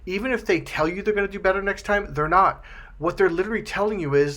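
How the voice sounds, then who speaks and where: A man's voice: on the high side, fairly quick, a bit bright. A man coaching viewers in a vlog, blunt and emphatic, swearing freely and acting out quoted exchanges in shifting voices. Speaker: life coach. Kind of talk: direct-to-camera advice vlog.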